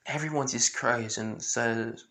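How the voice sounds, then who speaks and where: A man's voice: medium pitch, unhurried, bright, forceful tone. A man improvising fan-fiction narration, rambling, with many restarts. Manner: rambling, full of restarts and with-clauses. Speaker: fan storyteller.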